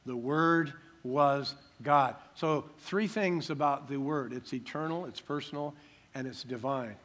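An older man preaching a sermon as pastor, emphatic, slowing down to stress key words. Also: medium pitch, a bit bright.

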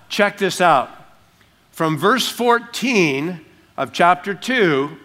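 A man, a pastor preaching a sermon and teaching through a passage verse by verse, breaking into small acted-out scenes in softer voices. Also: fairly high pitch. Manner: animated, acts out little scenes in dropped voices.

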